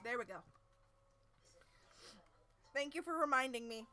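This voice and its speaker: A woman streamer reads a webcomic aloud on a casual live stream, breaking off for chatty asides and frequent laughs. Her voice is bright and a little high. She moves easily between reading and talking to her viewers. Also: unhurried.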